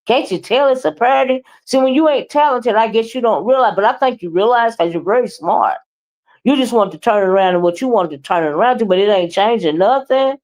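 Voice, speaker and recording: Woman, sassy livestream commentator, animated and drawling, mid-pitched. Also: a little fast, poor audio.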